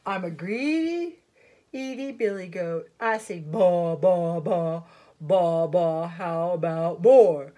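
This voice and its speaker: A woman voicing a greedy male billy goat in a sung children's storybook, with a low bleating sing-song. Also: slow, warm tone.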